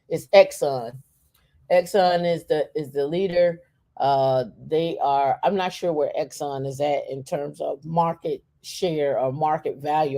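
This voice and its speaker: Co-host, mid-pitched, casual and halting, thinks aloud while browsing, plenty of fillers and restarts. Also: dark tone. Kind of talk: casual talk while browsing on a shared screen.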